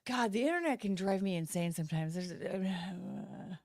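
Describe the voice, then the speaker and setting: A woman's voice: mid-range voice, animated, normal speed, gravelly, darkish tone, dry recording, clean studio sound. Rambling woman chatting on a livestream. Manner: rambling, self-interrupting, talks to viewers. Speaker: livestream host. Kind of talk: casual livestream chat. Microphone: phone.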